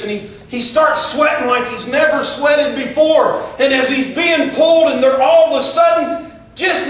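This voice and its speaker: A man with a very high voice preaches slowly and dramatically, rising to shouts and falling to breathy near-whispers. The sound is heavily echoed and picked up from far back in a church sanctuary. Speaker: pastor. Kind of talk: dramatic storytelling sermon. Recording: very echoey room, picked up from afar.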